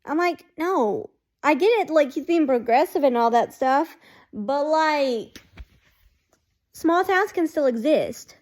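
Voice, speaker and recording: A woman's voice: high-pitched, animated, slow, a little mellow. A woman chatting casually to her camera as a fan vlogger, rambling and saying "like" constantly. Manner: rambling, heavy use of "like", chatty. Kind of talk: casual chat.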